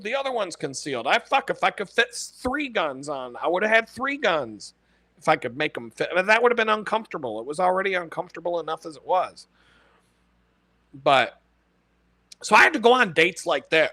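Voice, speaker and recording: A man rattles off a brash, foul-mouthed story and laughs at his own punchlines. His voice sits high and bright. The mic is close and dry, with no room sound at all. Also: big pitch swings, normal speed, dry recording. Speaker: podcast host. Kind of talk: casual profane storytelling monologue.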